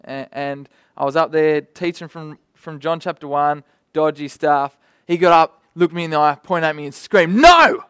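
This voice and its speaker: A young man delivers a sermon in an animated, conversational manner, dropping in vivid asides. His voice sits a little high for a man. The sound is close and dry, with almost no room around it. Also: clean tone, dry recording. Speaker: preacher.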